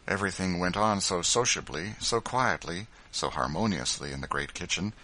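Deep-voiced man reading a novel aloud. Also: moderate pace, bright, forceful tone, rough recording. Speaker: audiobook narrator. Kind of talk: scripted narration.

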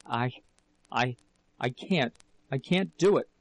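Desperate young wife, tearful and frantic, pleading softly, slow, gravelly tone, as a male reader puts her on. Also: medium pitch, expressive, no room sound, poor audio. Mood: broken, whispering.

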